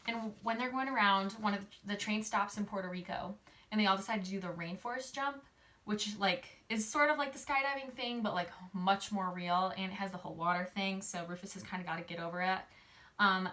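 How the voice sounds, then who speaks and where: A woman's voice: medium pitch, sharp tone. A woman casually recapping a novel in a chatty way, full of "like" and "um", briefly acting out the characters' lines. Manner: chatty, filler-heavy, uses "like" a lot; acts out characters' lines in quick quoted voices. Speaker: book summary host.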